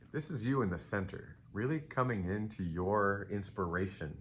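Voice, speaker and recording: A man's voice: on the low side, lively intonation, normal speed. Laid-back man doing a rambling tarot reading. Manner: rambling, playful, upbeat, talks to viewers as baby. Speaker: tarot reader. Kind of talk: casual live tarot reading. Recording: faint ambient noise.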